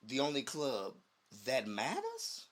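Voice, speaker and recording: Male podcast co-host, bright tone, lively casual storyteller who acts out quotes. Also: mid-range voice, takes it slowly. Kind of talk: casual chat.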